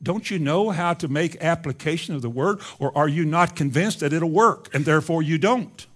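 Man preaching with rising and falling emphasis. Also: moderate pace. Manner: preachy, swings between loud emphasis and low quiet asides. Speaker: pastor. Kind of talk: sermon.

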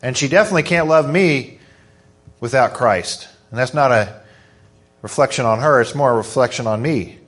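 A middle-aged man preaching a sermon in church, fervent and hoarse, swinging from soft, slow stresses to quick, excited bursts. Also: medium pitch. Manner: fervent, rising to excited emphasis.

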